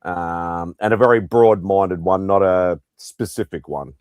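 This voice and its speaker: A man hosting a live pop-culture hangout stream, greeting viewers by name in a relaxed, chuckling way. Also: deep voice, unhurried, smooth, no room sound. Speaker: host. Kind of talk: casual live-stream chat.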